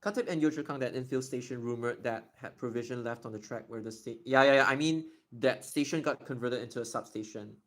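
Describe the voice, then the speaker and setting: A young man with a medium-pitched voice is streaming live and casually answering viewer questions. He's chatty and explanatory, slowly stretching out words to demonstrate them.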